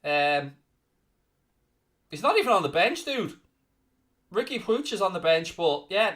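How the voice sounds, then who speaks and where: An Irish man with a Dublin-area accent hosts a live football watchalong, his voice bright and forceful. He teases and mock-scolds viewers over their comments. He reads out the latest scores like a presenter, at a slightly higher pitch than most men. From Ireland. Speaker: watchalong host.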